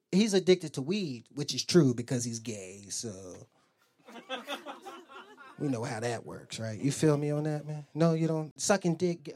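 High, lively-voiced male comic, teasing. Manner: crude, teasing, laughs at own jokes. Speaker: stand-up comedian. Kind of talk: stand-up comedy with crowd work. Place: comedy club stage.

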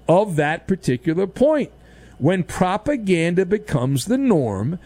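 A man's voice: sits high, no room sound. A man hosting a sports talk radio show, riffing sarcastically and mockingly in a studio monologue. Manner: sarcastic, mocking, animated riffs.

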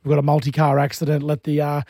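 A man's voice: fairly high pitch, monotone, fast, warm tone, no echo. A man with an Australian accent co-hosting a radio show in a studio, telling stories in playful, chatty banter. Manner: chatty storyteller, playful, laughs often. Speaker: radio co-host. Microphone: studio mic.

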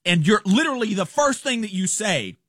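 A man hosting a political commentary show, talking casually, animated and scornful, laughing often. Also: sits high, fairly quick, dry recording, clean studio sound.

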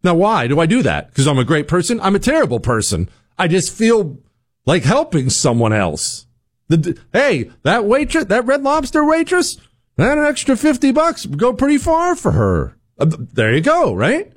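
Animated, sarcastic male talk host. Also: sits high, normal speed. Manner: animated, sarcastic, hammering rhetorical questions. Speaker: show host. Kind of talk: opinionated political commentary monologue.

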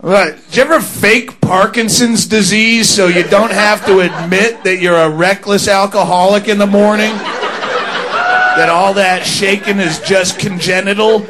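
A high-pitched man works a stand-up set with a crude, swearing, barroom swagger. He talks slowly, dragging his words out. A live club crowd laughs loudly behind him. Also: fairly even intonation. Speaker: stand-up comedian.

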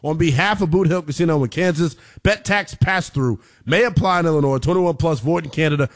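A man hosting sports radio, reading a show promo and a betting ad with its rapid legal terms in a brisk announcer delivery. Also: a little high. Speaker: sports radio host and ad reader.

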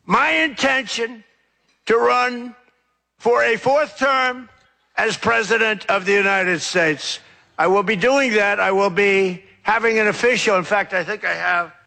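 A man's voice: high-pitched, measured pace, gravelly, pushed and bright. An older man, a politician, giving a boastful, rambling speech to a crowd. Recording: echoey hall with crowd.

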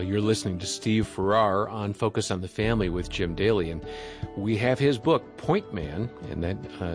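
A man with a low voice reads a scripted break for a radio program. His delivery is smooth and even. Clear music plays behind him. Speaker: radio announcer. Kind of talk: scripted announcement.

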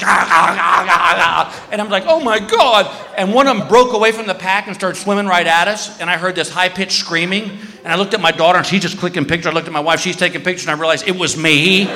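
A man doing stand-up storytelling, animated and shouting his punchlines as he acts out the people in his story. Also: sits high, in a large hall. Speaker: stand-up comedian.

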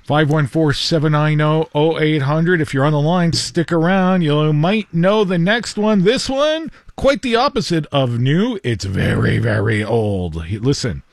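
Upbeat male call-in host, lively delivery, dry studio mic. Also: a little high, dry recording. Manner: upbeat, chatty, quick laughs. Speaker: radio show host. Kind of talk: call-in radio chat.

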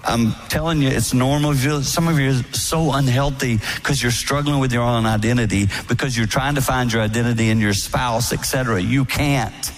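A man preaches to a room about marriage in an earnest, folksy way. His voice is a middle pitch, and he drops to soft, hushed asides. Faint music sits under the talk. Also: fairly quick, hardly any pauses. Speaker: speaker at a marriage event. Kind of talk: sermon-style talk.

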